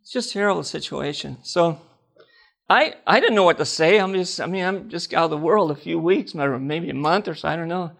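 A man's voice: a little high, brisk, gravelly, a bit bright. An older man preaching a personal testimony, telling stories with laughter and acting out the dialogue.

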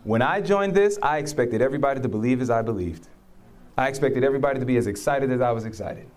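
A fast-talking man with a mid-range voice preaches through stories from his life, acting out people's words with animation and laughing a lot. It's testimony delivered conversationally.

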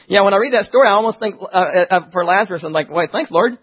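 A man preaching a sermon, reading scripture and talking fast with animated asides. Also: high voice, slightly rough, muffled recording.

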